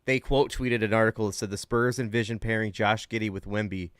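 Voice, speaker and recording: A man's voice: fairly low pitch, steady tone, brisk, no room sound, studio quality. Laughing, profane podcast guy. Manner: laughs a lot, loud and profane. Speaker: podcast co-host. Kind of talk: casual chat.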